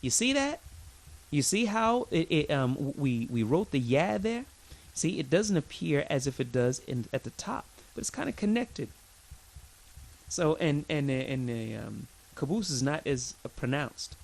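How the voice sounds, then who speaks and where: A man's voice: a little high, big pitch swings, unhurried, gravelly. A man teaching an Arabic lesson, patiently drilling pronunciation with lots of repetition, chatty and informal with his learners. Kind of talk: recorded language lesson.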